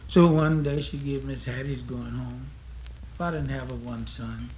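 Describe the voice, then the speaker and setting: A man's voice: mid-range voice, steady tone, normal speed, darkish tone, a little hiss or hum, rough recording. A man telling a rambling folk tale in an old archival recording, folksy and full of fillers. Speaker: storyteller.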